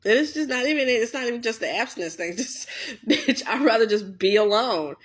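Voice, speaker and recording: A woman's voice: on the high side, quick pace. A woman vlogger in a blunt, profane, heated casual rant. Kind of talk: casual ranting monologue.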